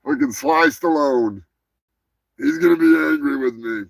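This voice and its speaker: A man hosting a live stream, rambling and swearing casually while high. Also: animated, unhurried, creaky, low-quality recording. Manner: rambling, profane, laid-back. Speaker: host.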